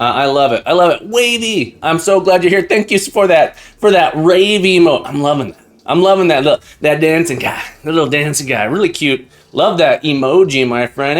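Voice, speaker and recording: An upbeat man hosts a casual live stream from a room at home. His voice sits a little high, and he chats warmly with viewers, often repeating his phrases. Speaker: live-stream host and teacher.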